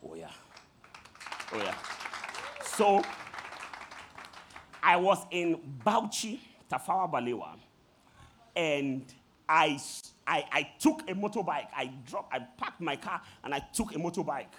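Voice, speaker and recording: A man with a Nigerian accent preaching a sermon as pastor, calling out to his congregation in an animated way. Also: fairly high pitch, a little slow, long pauses, a faint crowd, a little hiss or hum.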